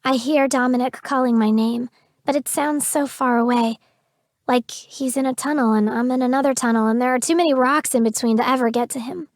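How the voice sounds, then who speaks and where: A woman narrating a dark romance audiobook in the first person, with an intimate, emotional delivery. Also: high voice, fairly even intonation, fairly quick, dry recording, studio quality.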